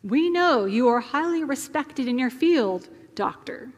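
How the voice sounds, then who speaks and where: A woman's voice: high-pitched, expressive, unhurried. A woman pastor quoting an exasperated but reassuring male interviewer, in a reverberant hall.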